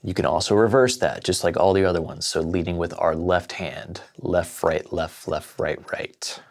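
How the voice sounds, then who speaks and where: A man's voice: low voice, normal speed, gravelly, background noise. A man teaching a drum lesson, explaining sticking patterns step by step and counting beats aloud. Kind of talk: casual lesson.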